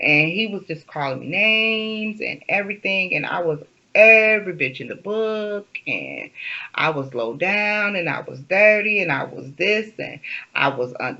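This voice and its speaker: A woman's voice: fairly low pitch, bright, forceful tone, dull audio. A woman vlogger telling a personal story in a rambling, casual way, full of fillers and restarts.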